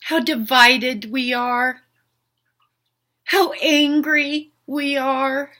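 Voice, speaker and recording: A woman's voice: high-pitched, steady tone, extremely slow, pushed and bright. An older woman speaking an unscripted, heartfelt monologue as a spiritual healer, earnest and pleading, with repeated questions. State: emotional.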